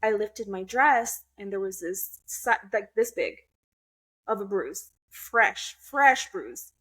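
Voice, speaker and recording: A woman's voice: mid-range voice, expressive, slow pace, a bit bright. A young woman guest on a podcast, telling a personal story in a blunt, candid way, swearing freely and restarting her sentences.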